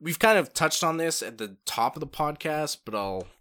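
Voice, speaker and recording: A man's voice: fairly high pitch, expressive, moderate pace, fairly bright tone. A man co-hosting a podcast, bantering in a sardonic, laughing way. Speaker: podcast co-host. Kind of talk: casual podcast chat.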